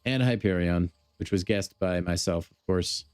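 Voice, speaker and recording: A man's voice: sits low, moderate pace, a little mellow, clean tone, dry recording. A man chatting casually on a gaming live stream, joking and talking straight to his chat. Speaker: game streamer.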